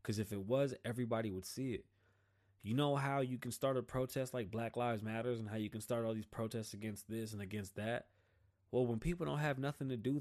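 A man hosting his own show, delivering a blunt, profane, slang-filled political rant in a casual style. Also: medium pitch. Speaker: podcast host.

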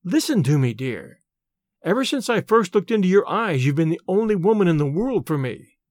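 A man's voice: high voice, big pitch swings, normal speed, dry recording, studio quality. A man reading aloud, voicing an earnest young male suitor who pleads tenderly. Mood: pleading.

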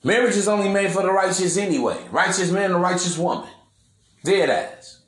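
Here a podcast host with a high-sitting voice talks at a moderate pace in a roomy-sounding recording. His casual monologue comes across as brash and preachy, thick with slang and profanity.

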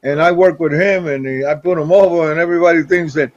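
A man's voice: fairly high pitch, fairly even intonation, fast, a little mellow. An older man from Rico, a former wrestler telling stories in an interview, rambling and often repeating and restarting his words. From Puerto Rico. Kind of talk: storytelling in an interview. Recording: dull lo-fi recording.

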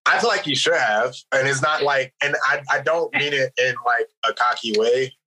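A man guesting on a podcast, talking over his phone in soft-spoken, hesitant casual chat with many ums. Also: medium pitch, moderate pace, low-quality recording. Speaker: podcast guest, run club co-founder.

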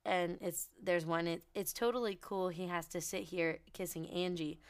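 Low smooth-voiced woman chatting about books. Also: moderate pace. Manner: excitable, swears casually, reads book passages aloud. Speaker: podcast co-host. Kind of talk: casual book chat.

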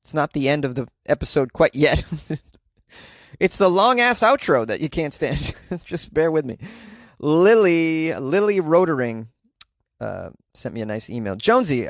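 A man's voice: mid-range voice, dry recording, clean studio sound. Chatty, rambling man hosting a podcast. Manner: rambling, chatty, profane asides. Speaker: podcast host. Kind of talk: casual comedic monologue. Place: home closet.

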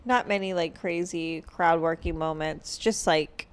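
A woman's voice: deep voice, fairly even intonation, unhurried, smooth. Blunt, joking woman podcast host. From Boston. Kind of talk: casual podcast banter.

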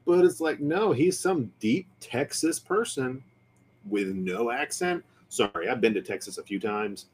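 A man's voice: medium pitch, animated, measured pace, slight background noise. A man hosting a podcast in casual chat, speaking in an opinionated, ranting way. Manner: opinionated, ranting about nerd movies and shows. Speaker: podcast host.

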